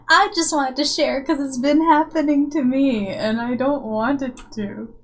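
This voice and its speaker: A woman's voice: high-pitched, poor audio. A woman streamer and comic artist in casual, rambling live-stream chat with her viewers, self-mocking and chatty.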